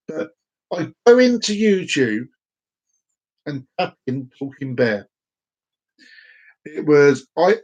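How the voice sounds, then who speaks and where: A man talking casually to camera on a live stream, rambling and repeating himself, sometimes slipping into silly voices. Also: mid-range voice. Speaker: vlogger doing a live stream.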